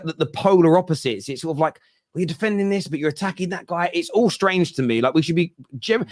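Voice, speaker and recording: A man hosting a football fan show, reacting fast to viewer comments in casual discussion. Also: medium pitch, no room sound, studio quality.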